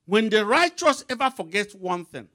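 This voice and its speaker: A man's voice: sits high, big pitch swings, moderate pace, fairly bright tone. A man preaching a sermon with emphatic, rising and falling delivery, calling out scripture references for a reader to read aloud.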